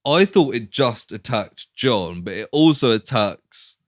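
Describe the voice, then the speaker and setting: A man's voice: mid-range voice, animated, unhurried, no echo, studio quality. A man co-hosting a podcast, easygoing as he recaps film scenes with lots of fillers. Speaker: podcast co-host. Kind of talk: casual film discussion.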